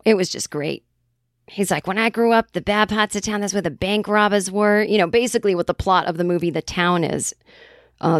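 A woman's voice: medium pitch, no room sound. Woman, middle-aged, podcast host, rambling casual storyteller, swears, dry close recording. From Boston area. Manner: chatty, rambling, swears freely.

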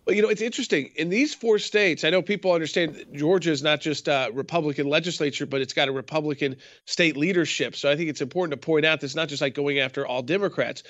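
A man speaks as a guest in a remote interview. His voice is high for a man and he explains carefully, backing up and restarting as he goes. The feed sounds dull and dry. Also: fast, hardly any pauses, a bit bright, no room sound. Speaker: guest commentator.

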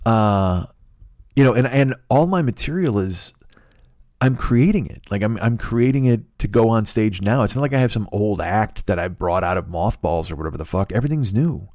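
Low-voiced man in a profane, rambling monologue. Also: lively intonation, moderate pace, a little mellow, no room sound. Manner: profane, rambling storytelling with frequent restarts. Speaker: podcast host. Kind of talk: casual monologue.

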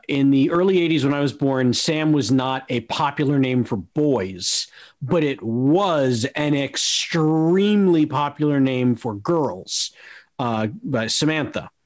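A man in his forties, a podcast guest telling easygoing stories in casual chat and laughing often. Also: a little high.

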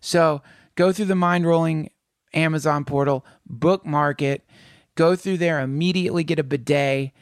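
A man with a fairly high voice, chatting as a podcast co-host. He tells stories in an animated, joking way and riffs freely. The sound is dry and close to the mic. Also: moderate pace, clear, resonant tone, dry recording. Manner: animated storyteller, jokey riffs. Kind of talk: casual chat.

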